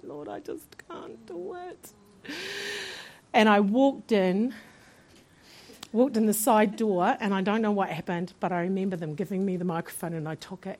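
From the pulpit, a woman preacher with a medium-pitched voice gives her testimony. She's animated, laughing often as she acts out the voices of people in her story.

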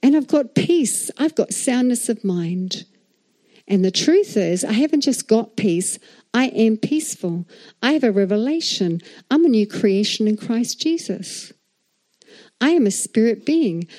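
A middle-aged woman pastor delivers a sermon in a lively, conversational way. She checks in with the congregation at every turn, and her voice stays mellow and warm in tone even as she gets animated. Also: on the high side, a little slow. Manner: animated, chatty preaching with frequent "all right?" and "amen?".

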